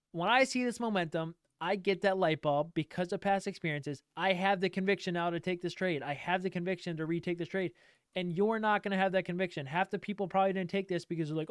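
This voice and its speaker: Male trading streamer, emphatic and repetitive, resonant tone, somewhat high, dry close sound. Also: quick pace, clean tone, no echo. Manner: emphatic, repetitive, swears casually. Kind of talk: direct-to-camera rant.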